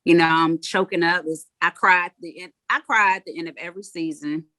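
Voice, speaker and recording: A woman's voice: lowish voice, fairly even intonation, a little fast, pushed and bright, no echo. A woman, a head coach talking frankly in a casual interview and acting out what people said. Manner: frank, acts out quotes.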